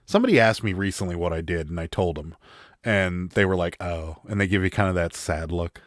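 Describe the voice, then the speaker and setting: A man's voice: low voice, lively intonation, brisk, no room sound, clean studio sound. A man hosting a live stream, chatting casually and joking as he reads viewer comments, with a Western Pennsylvania accent. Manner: rambling, joking, wry.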